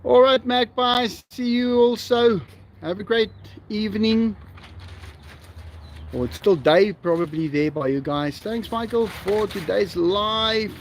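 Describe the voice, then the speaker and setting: A South African man with an Afrikaans accent, chatting casually as he hosts a livestream. He talks slowly in a fairly high voice and laughs often. A faint hiss sits under the recording. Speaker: livestream host. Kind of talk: casual livestream chat reading viewer comments.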